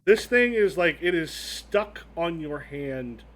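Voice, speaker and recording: A man's voice: on the high side, animated, takes it slowly, slight background noise. A man running a tabletop game as game master, rambling and restarting as he describes the scene. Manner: rambling, many restarts and fillers.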